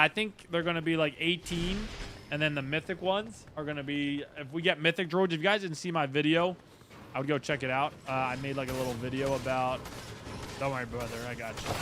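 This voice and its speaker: A man hosting a casual live game stream, chatting with viewers and greeting them by name, with excitable bursts. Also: on the high side, fairly quick, background noise. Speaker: livestream host. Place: at work, indoors.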